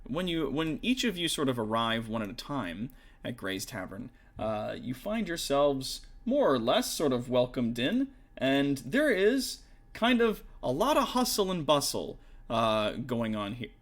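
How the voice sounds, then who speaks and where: A man's voice: medium pitch, sing-song, a little slow. A man narrating as game master in a casual, rambling way, full of fillers.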